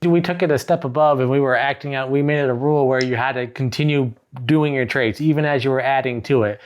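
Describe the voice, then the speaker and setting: A man's voice: medium pitch, fairly even intonation, quick pace. A man casually explaining a party game's rules in a review. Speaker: board game reviewer.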